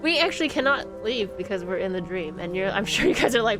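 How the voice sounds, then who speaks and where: A woman's voice: mid-range voice, lively intonation, fast, hardly any pauses. A woman streaming a horror game, chatting casually and laughing often as she plays. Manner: chatty, giggly, rambling with many fillers. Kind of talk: casual gameplay commentary. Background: game music.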